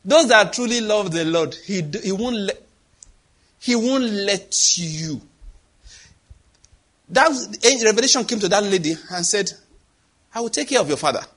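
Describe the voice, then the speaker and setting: A man preaching in a high, husky voice. His delivery is lively and dramatic, swinging widely in pitch as he acts out voices and sound effects. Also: normal speed, pauses often. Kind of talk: sermon.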